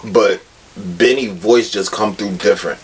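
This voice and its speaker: A man's voice: on the low side, a little slow, slightly rough, rough recording. A man in a casual hip hop podcast chat, talking loose and slangy.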